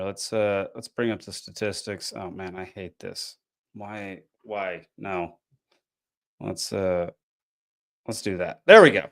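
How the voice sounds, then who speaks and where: A tired man, hosting a casual podcast and recapping a frustrating match with lots of ums and restarts. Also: lowish voice. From American South. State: tired, yawning. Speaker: podcast host.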